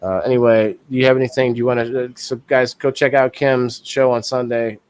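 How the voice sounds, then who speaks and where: A man's voice: medium pitch, level tone, brisk, darkish tone, clear, resonant tone. A man in his thirties hosting a live-stream talk show in casual chat, rambling and thinking aloud with easy laughs.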